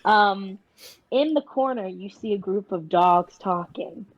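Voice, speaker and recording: A woman at a tabletop game, narrating her turn in a crude, playful, chatty way. Her voice sits at a middling pitch. The audio is a bit muffled. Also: slow, no room sound. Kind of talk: casual role-play narration.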